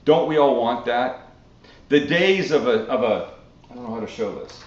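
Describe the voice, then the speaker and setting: This is a man from Canada hosting a casual live-stream cooking Q&A, chatty and animated with the odd curse thrown in. His middle-range voice rings around a roomy space. The recording has a dull, lo-fi sound. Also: medium pitch, normal speed. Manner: animated, swearing, chatty storytelling. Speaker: cooking show host.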